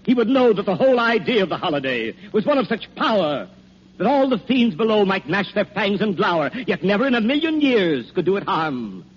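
An old, jolly Santa Claus whose slightly high voice lilts up and down as he coaxes in rhyming verse. The sound is dull and faintly hissy, like an old radio broadcast. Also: brisk, breathy edge, full character voice. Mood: wistful. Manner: calm, coaxing rhyming verse. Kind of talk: 1940s radio acting.

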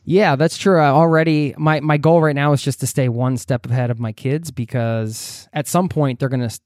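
A man hosting a travel podcast, talking in a relaxed, chatty way and laughing easily. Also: medium pitch, moderate pace, no room sound, studio quality. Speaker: podcast host. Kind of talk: casual podcast interview. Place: home in Norway.

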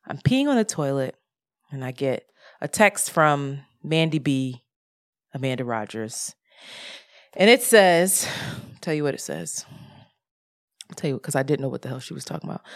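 A woman co-hosting a podcast, talking casually in a profane, animated rant about money and frustration. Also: low voice, normal speed. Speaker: podcast co-host. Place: lives in Brooklyn.

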